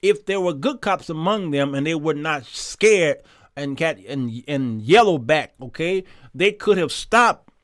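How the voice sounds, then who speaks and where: This Christian talk show host has a fairly high, animated voice that is a bit bright and moves at a slightly slow pace. He reads viewer comments and talks emphatically and conversationally, frequently repeating himself, over clean studio audio with no room sound.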